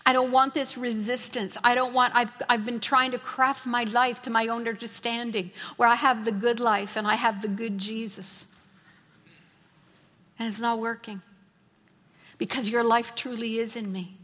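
A woman with a high voice delivers a fervent sermon, driving her points home by repeating phrases. Her voice rings out with a long, lingering reverb, as in a big church sanctuary. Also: level tone, a little slow, a bit bright. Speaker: preacher. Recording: long reverb of a large hall.

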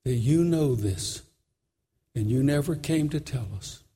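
A man voicing a young tribal man who asks slow, pleading questions in grief. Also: mid-range voice, lively intonation, warm tone, slightly rough, pitched below the performer's own voice. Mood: anguished.

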